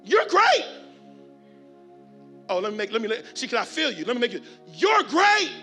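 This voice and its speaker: A man delivering a motivational keynote to a conference crowd, preacher-style, with call and response and shouted refrains. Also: very high voice, very animated, fast talker, soft background music. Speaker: keynote speaker. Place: large conference hall with audience.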